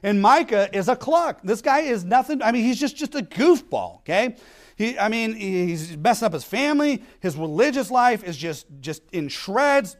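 Male pastor, sermon, high voice, very lively pitch, blunt and emphatic. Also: moderate pace. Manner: emphatic, blunt, keeps asking "okay?".

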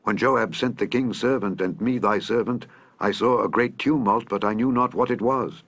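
A man's voice: medium pitch, normal speed, fairly bright tone, slightly rough. A man reading the lines of an eager young messenger who brings news to the king.

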